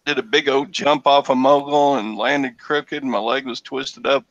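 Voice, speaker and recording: A man chatting casually in a group, telling a relaxed story. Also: medium pitch, normal speed. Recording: dull, muffled audio.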